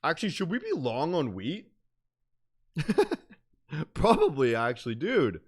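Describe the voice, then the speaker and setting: A man's voice: on the high side, huge pitch swings, unhurried, breathy edge. Rambling young man chatting casually. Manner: rambling, filler-heavy, slangy. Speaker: day trading streamer. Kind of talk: casual livestream chat.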